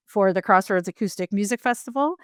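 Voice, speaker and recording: A woman co-host talks in frank, rambling casual chat, hedging with ums and restarts. Her voice is smooth and clear at a middle pitch. It is recorded close and dry. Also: a little fast, no echo.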